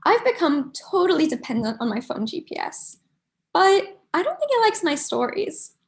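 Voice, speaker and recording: A woman doing an online stand-up comedy set from New York, chatty and observational with quick asides. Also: extremely high pitch, sing-song.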